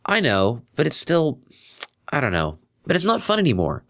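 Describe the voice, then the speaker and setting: A man's voice: medium pitch, wildly swooping pitch, moderate pace, a bit bright, voice pushed up. A man voicing a moody young female unicorn DJ, blunt and sarcastic, in a fan fiction reading.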